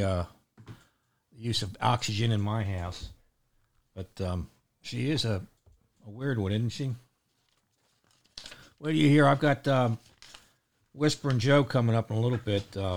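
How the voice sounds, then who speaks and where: An older man with a Baltimore accent hosting a casual morning chat, rambling and joking with many fillers. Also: fairly low pitch. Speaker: host.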